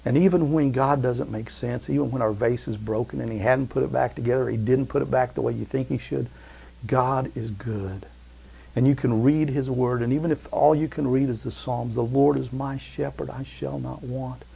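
A man preaching a sermon who tells stories and often calls out amen, swinging between loud fervor and hushed softness. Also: mid-range voice, normal speed, vocal fry, breathy edge. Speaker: pastor.

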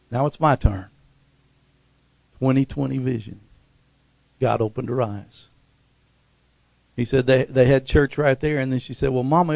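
Preacher with a gravelly voice. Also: male voice, mid-range voice, dry recording. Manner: rises to loud excited peaks, acts out voices in stories; calls for "amen" and "hallelujah" response. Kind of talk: sermon with storytelling.

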